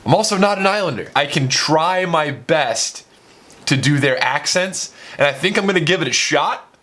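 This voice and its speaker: A man's voice: fairly high pitch, lively intonation, moderate pace, pushed and bright. A young man, a music producer, talking casually through his studio session, chatty and self-mocking, with plenty of fillers.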